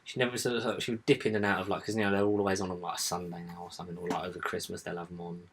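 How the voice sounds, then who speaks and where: A man's voice: low voice, little pitch movement, racing, crowd noise. A young man co-hosting a casual podcast, rambling with lots of fillers and the odd swear word. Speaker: podcast co-host. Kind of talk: casual chat.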